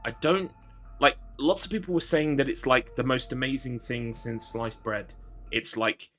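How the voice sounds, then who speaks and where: Male streamer, bright voice, loose rambling chat, jokes at his own expense. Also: medium pitch, moderate pace, soft background music. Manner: rambling, self-deprecating, reads chat aloud. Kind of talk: casual live-stream chat.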